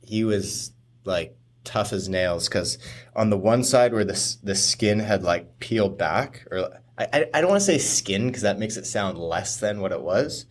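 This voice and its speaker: A man's voice: fairly low pitch, expressive, moderate pace. A man co-hosting a podcast, telling a rambling story with frequent laughs and trailing off. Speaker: podcast co-host. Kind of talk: casual chat, storytelling.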